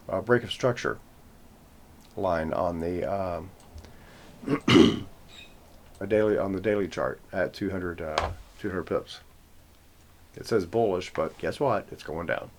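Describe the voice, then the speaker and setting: A man with a low, gravelly voice talks his way through trading charts, rambling, correcting himself as he goes and tossing in jokes. A faint hiss sits under the recording. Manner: rambling, self-correcting, joking asides. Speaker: forex trading channel host. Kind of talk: casual screen-share chart walkthrough.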